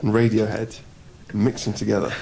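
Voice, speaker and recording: A man's voice: lowish voice, monotone, a little fast, gravelly, dark tone, slight background noise. A young man in his twenties, a band member, joking and self-mocking in a casual interview. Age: 20s.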